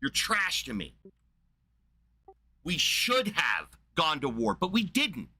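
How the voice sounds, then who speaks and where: Furious, bright-voiced ranting man. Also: on the high side, wildly swooping pitch, slow pace, dry recording. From United States. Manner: shouting insults, heavy profanity, combative. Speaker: livestream host ranting at a chat viewer. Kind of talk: angry livestream rant.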